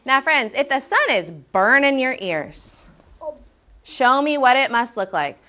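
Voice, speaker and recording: A woman teaching a first-grade language lesson, encouraging and animated, reading lines aloud slowly and rhythmically. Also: sits high.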